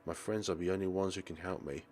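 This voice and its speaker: A man's voice: low-pitched, fairly even intonation, fast, a little hiss or hum, voice pushed down, close to an everyday voice. A man reading a guilt-stricken schoolgirl. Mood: despairing. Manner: hushed, somber, despairing. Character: guilt-stricken teenage schoolgirl with a deadly power. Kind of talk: reading visual novel lines aloud.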